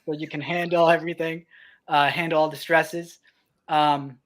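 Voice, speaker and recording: A young man, a podcast co-host, talking about fatherhood in a reflective way, often pausing with ums. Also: on the high side, flat delivery, a bit bright. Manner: reflective, many ums and restarts. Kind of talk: casual podcast talk.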